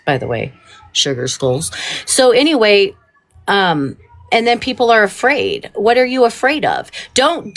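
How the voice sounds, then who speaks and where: A woman hosting a livestream, in a heated, profane and rambling rant. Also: fairly low pitch. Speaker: livestream host.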